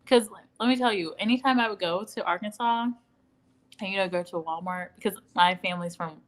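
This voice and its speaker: A woman's voice: medium pitch, fairly quick, a bit bright, low-quality recording. A woman from the Midwestern United States, chatting at home as a livestream host, reading out viewer comments and acting out quoted dialogue with laughs. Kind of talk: casual live-stream chit-chat. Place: at home in Dallas.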